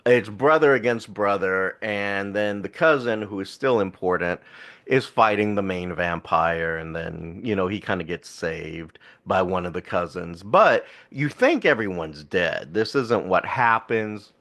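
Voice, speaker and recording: A man co-hosts a casual podcast and retells a movie's plot at length. He rambles, backtracks and laughs as he talks, and his pitch jumps around a lot. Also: animated, measured pace, a bit bright. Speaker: podcast co-host. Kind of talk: casual film review chat.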